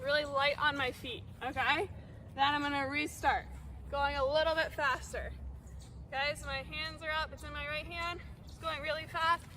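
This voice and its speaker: Her voice high, pushed, and bright, a young woman coaches lacrosse outdoors, talking through drills while she moves. She asks "okay?" after every step, and there's slight background noise.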